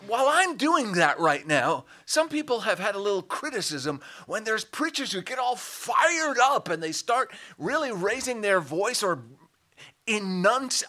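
An older man preaching a sermon in an animated way, rising to loud, emphatic shouts on key words. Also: high voice. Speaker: pastor.

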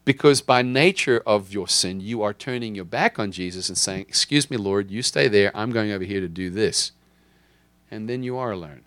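Male pastor, low voice, dry sound, emphatic sermon delivery with repeated refrains. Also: moderate pace, fairly bright tone, dry recording. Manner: emphatic preaching, repeats key lines for the congregation.

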